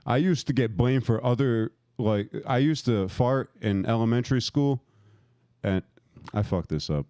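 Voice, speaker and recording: Guy in his 30s doing a rambling stand-up set, cursing a lot, laughs at his own jokes, smooth dry voice. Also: mid-range voice, measured pace, dark tone, no echo. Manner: profane, rambling. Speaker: stand-up comic. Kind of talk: stand-up set with crowd work.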